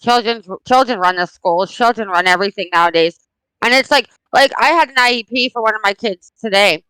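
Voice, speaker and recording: A woman's voice: medium pitch, brisk, clean tone, dry recording, poor audio. A woman in her forties, a mother of four, chatting bluntly and emphatically, telling stories with force. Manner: blunt, emphatic, animated storytelling. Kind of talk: casual chat.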